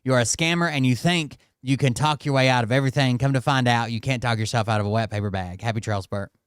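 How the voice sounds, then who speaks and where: Host guy roasting someone, smooth voice, dry close sound, deadpan and snarky. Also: medium pitch, quick pace, no room sound. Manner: mocking, deadpan, swears casually. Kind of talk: sarcastic reaction commentary.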